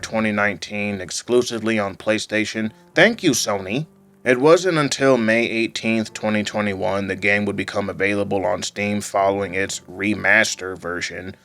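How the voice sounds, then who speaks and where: A man with a fairly low voice narrates a scripted gaming video essay from a home microphone. His delivery stays calm and mostly level, lifting now and then on a point. A soft music bed runs quietly beneath him. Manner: calm, fairly monotone delivery with occasional rises. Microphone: home microphone voice-over. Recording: faint background music under voice-over.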